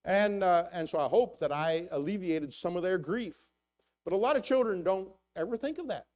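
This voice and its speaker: An older man preaching in church, his voice sitting high for a man. He talks in a loose, halting way, full of restarts and fillers, and pushes his voice up when he asks rhetorical questions. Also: animated, darkish tone. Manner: rises in pitch for rhetorical questions. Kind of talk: sermon.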